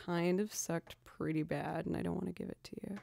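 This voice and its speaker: A woman's voice: lowish voice, fairly even intonation, fairly quick, vocal fry, dark tone. A woman from the Boston area with a Boston accent, chatting casually and giggling on a livestream while sick with a lingering cold. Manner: chatty, giggly and self-mocking. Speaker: livestreaming violinist and singer. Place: home.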